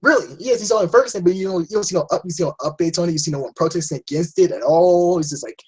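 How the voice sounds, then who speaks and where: A young man talks straight to camera in a loose, rambling rant, blunt and full of swearing and false starts. His voice is husky and sits somewhat high. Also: rapid-fire, a little mellow, poor audio. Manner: rambling, blunt, swears often, frequent restarts. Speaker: vlogger. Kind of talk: casual opinion rant.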